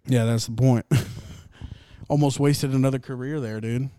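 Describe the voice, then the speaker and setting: A man's voice: medium pitch, fairly even intonation, measured pace, mellow, smooth, dry recording, clean studio sound. A young man hosting a laid-back sports podcast, rambling, joking and swearing as he reacts to games. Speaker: podcast host. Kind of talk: casual sports chat.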